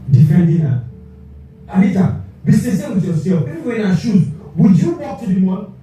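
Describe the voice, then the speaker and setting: An actor playing a husband who pleads with and calms his angry wife in a film clip. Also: high voice, moderate pace. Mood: firm. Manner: pleading, placating. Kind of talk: melodramatic film acting. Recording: distant, echoey film audio with music.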